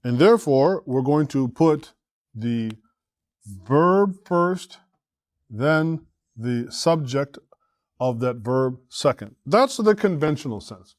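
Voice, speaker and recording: A man's voice: medium pitch, expressive, slow pace, no echo, studio quality. A man teaching a classroom lecture, explaining step by step, often asking the class questions and checking in with "right?". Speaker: Arabic teacher and imam.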